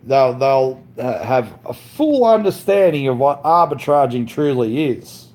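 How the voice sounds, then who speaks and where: A man vents on his live stream in a slow, deliberate drawl. His trash talk is crude and boastful, loops back on itself and is peppered with "mate". He often stumbles and restarts his sentences. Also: mid-range voice, lively intonation, a little mellow. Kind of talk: ranting live stream monologue.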